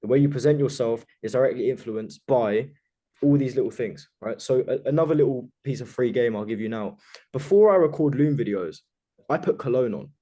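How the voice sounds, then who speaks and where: A man's voice: medium pitch, brisk, warm tone. A man coaching a group on a video call, talking emphatically and with total self-assurance, swearing casually.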